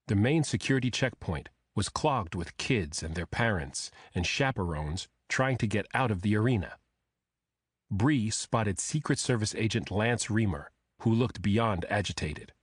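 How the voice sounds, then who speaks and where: A man narrating a thriller audiobook in a steady, measured reading. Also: lowish voice, husky, no room sound, studio quality.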